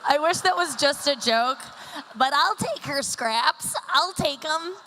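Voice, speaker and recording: A stand-up comedian in her thirties works a stage mic in a large hall, her voice sitting high, animated and unhurried, with a pushed, bright quality. Her set is rambling and self-deprecating, packed with fillers. The live venue adds long hall reverb and a little hiss or hum.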